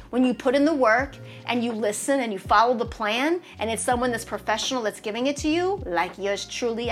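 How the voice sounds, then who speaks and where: A woman's voice: a little high, a bit bright. A woman running coach giving an emphatic, motivational podcast talk that repeats its points and promotes herself, with faint music behind her. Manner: emphatic, repetitive, self-promoting.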